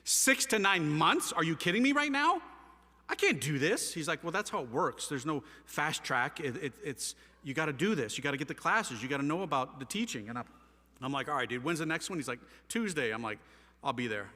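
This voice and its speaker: A man giving an impassioned, slangy testimony to a live audience, his storytelling swinging between loud and hushed. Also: medium pitch, fairly quick. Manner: animated, slangy storytelling with wide swings of loudness. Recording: hall reverb.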